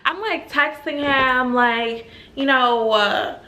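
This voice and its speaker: A woman's voice: sits high, slow pace. Chatty young woman telling a story. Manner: chatty, animated, full of "like", laughs while telling. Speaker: storytime vlogger. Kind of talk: casual storytelling.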